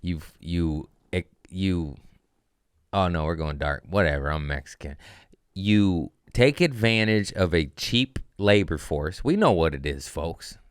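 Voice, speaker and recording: Low smooth dude doing a comedy podcast, casual riffing then swearing rants, dry close sound. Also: male voice, lively intonation, unhurried, no room sound. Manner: profane ranting with rising outbursts; riffing, self-mocking asides.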